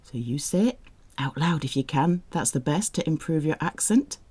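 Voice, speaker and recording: A woman teaching French, reading example sentences slowly and clearly, then explaining the grammar in English. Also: sits low, lively intonation, mellow, no room sound. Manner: slow, careful model pronunciation with questioning rises. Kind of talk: language lesson with slow example sentences.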